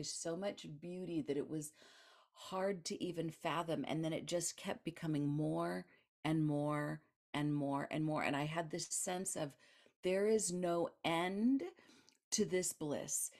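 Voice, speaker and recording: A woman guest author in an interview, telling a personal story in an animated way, laughing and acting out the voices of others. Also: low voice.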